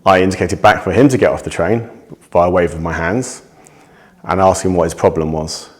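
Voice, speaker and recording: A man giving a testimony, recounting a personal incident in a measured, steady way with small restarts. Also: deep voice.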